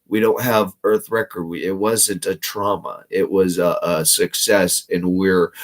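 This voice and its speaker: Reading text aloud, this male channel host wanders through a solo commentary, frequently starting over. His volume shifts back and forth from loud bursts to quiet mumbling.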